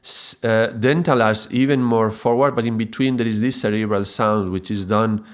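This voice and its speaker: A man explains a lesson in a somewhat low voice. He talks haltingly, repeating and restarting words and checking in with a quick "yeah?" as he goes. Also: steady tone. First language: Spanish. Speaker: mantra teacher.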